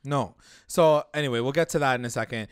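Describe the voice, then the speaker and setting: A man's voice: medium pitch, clear, resonant tone, dry recording, clean studio sound. A man co-hosting a podcast, recapping a TV episode in casual chat, agreeing often and swearing freely. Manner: quick agreeing interjections, laughs, profane recapping. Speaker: podcast co-host.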